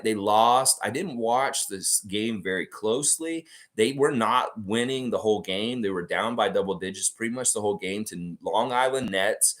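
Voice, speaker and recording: A man hosting a casual basketball fan vlog, talking in a rambling, animated way with lots of fillers. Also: fairly low pitch. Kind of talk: casual sports chat and improvised storytelling.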